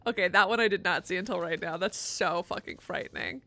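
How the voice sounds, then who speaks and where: A woman's voice: on the low side, bright, forceful tone. A woman streaming a game live, chatting and joking sarcastically while she plays. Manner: chatty, sarcastic, swears a lot. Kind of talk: live gameplay commentary.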